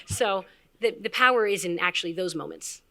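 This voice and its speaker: A woman founder giving a candid, animated storytelling talk at a live event, acting out quotes with filler words. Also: fairly low pitch, normal speed, vocal fry. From Canada. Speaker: health tech founder, speaker.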